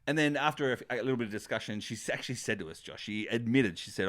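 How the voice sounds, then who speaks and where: A man co-hosting a podcast, spinning a story in easygoing casual chat. His voice sits at a middling pitch, and he tumbles through restarts and side comments as he goes. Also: fast, fairly bright tone. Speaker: podcast co-host.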